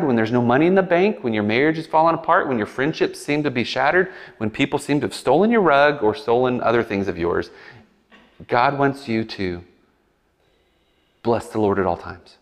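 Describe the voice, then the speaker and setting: A man preaching a casual sermon in a conversational way, acting out quick voices and animated asides. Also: medium pitch. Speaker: pastor. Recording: long hall reverb.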